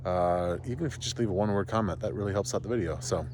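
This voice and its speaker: A man's voice: low-pitched, very fast, darkish tone, a little hiss or hum. A man vlogging outdoors by his barn and driveway, rambling and easygoing as he explains his project into an action camera. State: out of breath. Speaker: homesteading vlogger. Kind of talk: casual vlog walkthrough.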